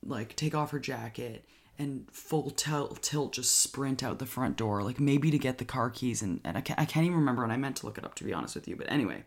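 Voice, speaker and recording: A person recapping a film's plot in casual, excited chat, full of "like" and quick acted-out lines from the characters. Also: mid-range voice, creaky. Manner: chatty, filler-heavy with frequent "like", enthusiastic. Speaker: movie reviewer.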